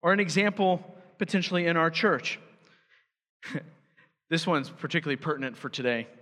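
A man's voice: fairly high pitch, expressive, normal speed, bright, forceful tone. A man preaching a sermon as pastor, emphatic and building to fervent urgency. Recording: church hall reverb.

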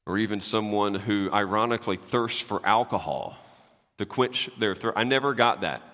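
A man preaching a sermon as a pastor, animated and swinging between loud and hushed, with jokey asides. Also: on the low side, normal speed, big-room sound.

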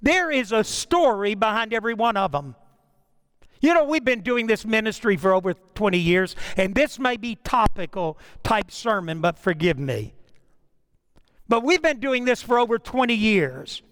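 Pastor with a high voice. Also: male voice, expressive, normal speed, a bit bright, smooth. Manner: storytelling, conversational with frequent restarts. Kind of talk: sermon.

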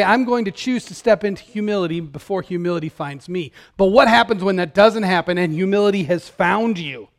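High-voiced man preaching a sermon. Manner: conversational, direct address to congregation; swings from loud emphatic calls to hushed tender lines. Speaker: pastor.

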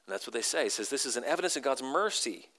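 A pastor preaching a sermon, animated and acting out the crowd's lines in sudden high voices. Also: male voice, rapid-fire.

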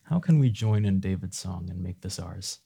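A man's voice: sits low, animated, normal speed, creaky, mellow, breathy edge. A man preaching a sermon in an earnest way, now and then rising to fervent emphasis.

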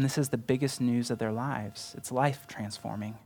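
A man preaching a sermon as pastor, earnest and conversational, often turning to the listeners with a quick "right?". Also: mid-range voice, steady tone, darkish tone, faint music behind.

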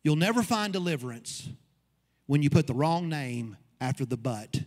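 High-voiced preaching pastor in a hall. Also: male voice, animated, moderate pace, a little mellow. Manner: preaching, rising to emphatic peaks. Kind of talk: sermon. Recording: long reverb of a hall.

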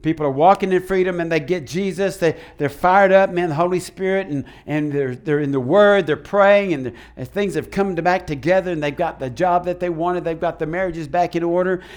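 A man preaching a sermon as pastor, animated and acting out the voices he quotes. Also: sits high, brisk, hardly any pauses.

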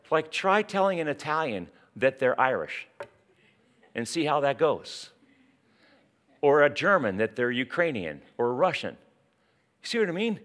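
A man delivering a sermon in a lively, conversational style. His pitch rises and falls freely as he throws out questions and asides to the congregation, shifting between punchy emphasis and quiet, drawn-out lines. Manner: animated, conversational preaching with rhetorical questions and asides. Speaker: pastor.

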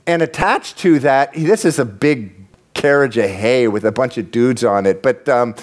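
A man preaching a sermon as pastor, conversational and animated, rising into emphatic peaks. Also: mid-range voice, normal speed.

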